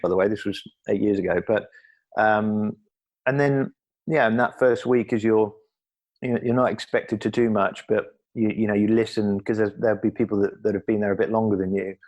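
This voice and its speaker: In a candid conversational interview, a middle-aged Englishman who is a former athlete speaks as a podcast guest. His low voice stays level and even, and he comes across as earnest and reflective, often circling back and restarting phrases as he gathers his thoughts.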